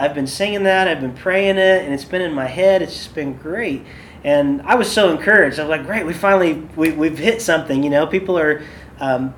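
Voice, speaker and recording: A man leads a worship workshop in an easy, rambling storyteller's way, full of fillers and side remarks. His voice sits a little above the usual for a man, with a faint hiss in the recording. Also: a little high. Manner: chatty, loose, with many fillers and asides. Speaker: worship leader and podcast host. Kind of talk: casual workshop talk with stories.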